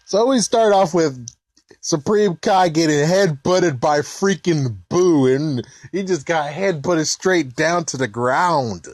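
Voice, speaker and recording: A man hosting a casual episode commentary, excitable and chuckling, with mild swearing. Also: on the high side, slow pace, no echo. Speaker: anime reaction host.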